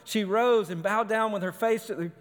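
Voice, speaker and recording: A man's voice: sits high, moderate pace. A male pastor preaching a sermon in emphatic, short, punchy phrases. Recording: long hall reverb.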